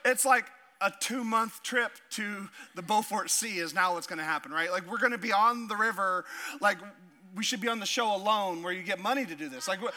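A man from Alaska delivers a sermon with a high, strikingly bright and forceful voice. He tells stories with laughter and plays out the voices of the people in them. He sounds middle-aged. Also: a little fast. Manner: animated, laughing storyteller acting out voices. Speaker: pastor.

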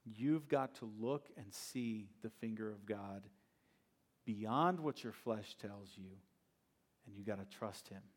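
A male pastor with a lowish voice preaches slowly. His sermon is conversational and story-driven, with plenty of rhetorical questions.

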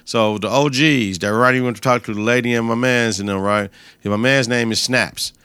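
A man's voice: medium pitch, brisk, pushed and bright, smooth, dry recording. A male podcast host giving a casual, profane, slang-heavy recap of a TV episode and quoting the characters' lines.

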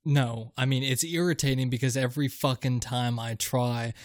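A man's voice: mid-range voice, steady tone, normal speed, no echo, clean studio sound. A man co-hosting a podcast, complaining with wry humor in casual banter. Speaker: podcast co-host.

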